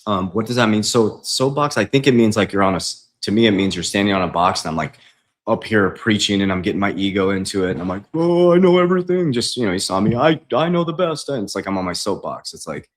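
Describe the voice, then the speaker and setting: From his home kitchen, a deep-voiced investing coach hosts a relaxed livestream Q&A at a quick pace. He reads viewer questions aloud and answers off the cuff in a loose, conversational way, frequently saying "man."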